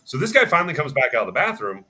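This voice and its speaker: A man who works as a firearms instructor, telling a story in a casual, animated way with plenty of fillers. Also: a little high, rapid-fire, background noise. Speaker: firearms instructor and range staff. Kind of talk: casual storytelling on a live chat.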